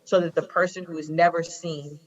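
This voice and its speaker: Deep and level, this woman's voice moves at a normal speed as she guests in an impassioned conversation. She's a Chicago prosecutor in her forties who emphasizes her stories and circles back to key phrases, and the lo-fi audio is slightly dull.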